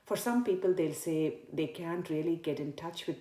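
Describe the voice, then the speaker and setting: A woman practitioner talking through an emotional tapping script, soft and slow in the repeated statements. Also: sits low, reverberant. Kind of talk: guided tapping demonstration.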